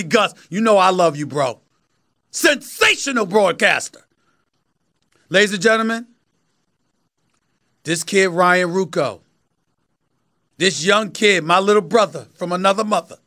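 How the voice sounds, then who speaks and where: A man in his fifties from New York City holds forth as a sports talk host in an unusually high voice that rings bright and forceful. Delivering a sports commentary monologue, he preaches his points emphatically, hammering them home by repeating phrases. He's expressive, with a measured pace and long pauses.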